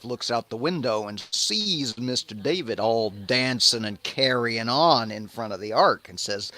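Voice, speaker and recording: A man's voice: medium pitch, animated, a little slow, few pauses, sharp tone, no room sound. A man hosting a casual livestream commentary, sardonic and profane, mocking as he talks. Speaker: host.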